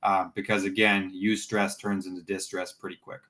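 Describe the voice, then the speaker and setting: A man's voice: low voice, level tone, moderate pace, pushed and bright. Man explaining health science on a webinar. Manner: explanatory, confident, uses plain analogies. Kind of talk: conversational webinar discussion.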